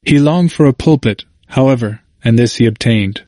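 A man narrating a history book in a measured, even reading. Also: mid-range voice, dry recording, clean studio sound. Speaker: audiobook narrator.

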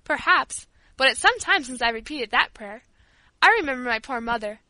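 A woman's voice: high voice, lively intonation, moderate pace, sharp tone, no room sound, low-quality recording. A woman voicing an old, blunt but humble woman servant who speaks emphatically. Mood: emphatic. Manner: emphatic, exclaiming.

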